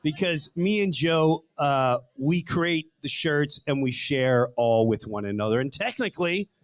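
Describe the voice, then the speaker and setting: A middle-aged man hosting a live podcast show, telling comic stories with lots of laughing and quick impressions. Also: on the high side. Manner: animated, laughing, slips into voices of other people. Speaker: podcast host. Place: live show in front of an audience.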